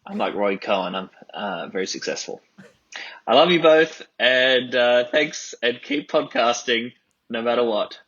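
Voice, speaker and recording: A man's voice: medium pitch, expressive, unhurried, a bit bright. A man with a mild Australian accent, sending a recorded message of mock-boastful, ironic jokes. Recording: dull lo-fi played clip.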